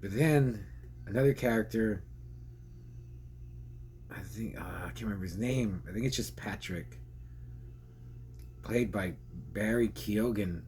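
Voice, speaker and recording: A man with a lowish voice talks through a film review in a loose, rambling way, laughing easily as he goes. A faint hum of noise sits behind him. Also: unhurried, long pauses, a little mellow. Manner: rambling, chatty, laughs often. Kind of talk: casual spoken film review.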